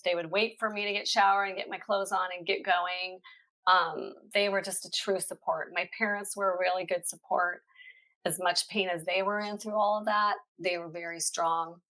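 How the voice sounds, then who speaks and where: A woman's voice: lowish voice, steady tone, normal speed, sharp tone. A middle-aged woman speaking as a podcast guest, sharing a heartfelt faith testimony in an earnest, conversational way with frequent hesitations.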